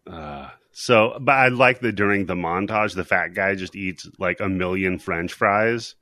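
Brief: laughing male host retelling a horror movie, bright and dry. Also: low voice, measured pace, dry recording. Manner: laughing, rambling storyteller. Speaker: podcast host. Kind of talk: casual movie recap chat.

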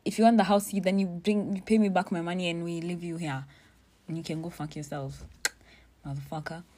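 A woman's voice: on the low side, fairly quick. Profane young woman telling stories. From Kenya. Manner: blunt, profane, animated storytelling. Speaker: vlogger. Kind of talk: casual storytelling monologue.

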